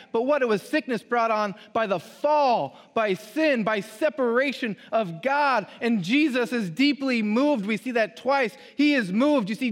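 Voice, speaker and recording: High-voiced pastor preaching in a reverberant church. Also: male voice. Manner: emphatic preaching, reading scripture aloud. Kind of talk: sermon. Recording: long hall reverb.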